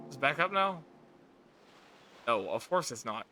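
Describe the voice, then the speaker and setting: A man's voice: medium pitch, sing-song, measured pace. A man giving let's play commentary on a video game, exasperated and swearing often. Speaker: gaming video creator. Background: game music.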